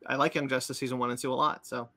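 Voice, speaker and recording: Casting: bright-toned man, podcast host, loose rambling delivery full of "um"s. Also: mid-range voice, level tone, rapid-fire. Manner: rambling, many fillers and restarts. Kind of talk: casual chat about comics and cartoons.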